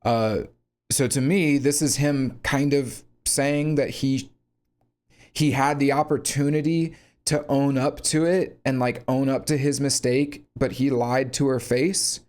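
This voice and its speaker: A man's voice: mid-range voice, fairly even intonation, unhurried, a little mellow. A man giving a casual, blunt critique of a song, sarcastic and free with swearing. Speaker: song reviewer.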